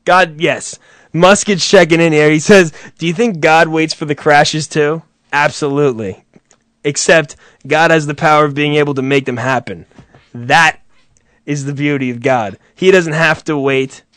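A man's voice: fairly high pitch, steady tone, moderate pace, fairly bright tone, dry recording, clean studio sound. A man hosting a crude, comedic live chat, profane and sardonic, laughing often.

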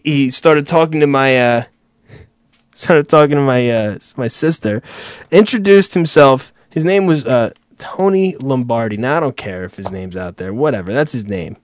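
A man's voice: mid-range voice, no room sound. A man hosting a show, telling a rambling, profane story with frequent chuckles. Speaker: show host. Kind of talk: casual rambling monologue.

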